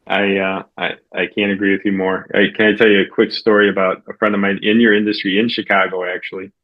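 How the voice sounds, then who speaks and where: A man hosting an interview podcast, telling a story in casual chat and acting out the quoted lines with big jumps in pitch. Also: little pitch movement, quick pace, highs cut off. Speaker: podcast host.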